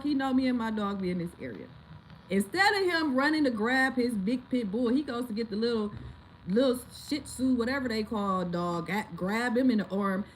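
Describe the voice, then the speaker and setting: Animated woman telling a story casually. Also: fairly high pitch, a little hiss or hum, low-quality recording. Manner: animated, dramatic retelling with loud outbursts. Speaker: vlogger.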